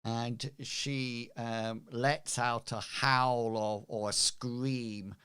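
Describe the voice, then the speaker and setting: A man narrating as game master of a tabletop game, halting with many ums. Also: mid-range voice, steady tone, bright, forceful tone, clear, resonant tone, dry recording, studio quality.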